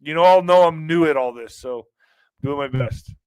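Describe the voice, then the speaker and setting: A man's voice: on the high side, moderate pace, a little mellow, clear, resonant tone, dry recording, muffled recording. A middle-aged man hosting a livestream, chatting casually and reading viewer comments. He sounds emotionally strained and weary, talking in an earnest, rambling way with many restarts. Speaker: livestream podcast host.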